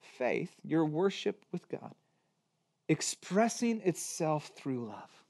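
Male pastor, 30s, casual conversational sermon with big loud-to-soft swings. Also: a little high, very animated, slow pace. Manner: conversational preaching with wide swings from loud to hushed.

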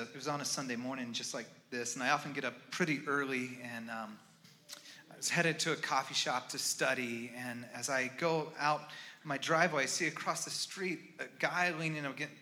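A man preaching a sermon as a pastor, swinging from loud urgent pleading to quiet, hushed storytelling. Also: medium pitch.

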